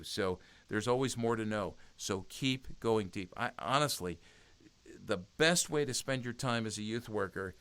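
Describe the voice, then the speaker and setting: In a dry recording, the youth ministry speaker sounds low, unhurried, and fairly bright as a podcast guest. Across the conversational interview he stays earnest and exhortative, repeatedly restarting his sentences.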